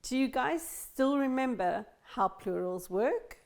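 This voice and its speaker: A woman teaching an English lesson to learners, speaking slowly and carefully and stressing each sound clearly. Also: high voice, expressive, loud music behind the voice.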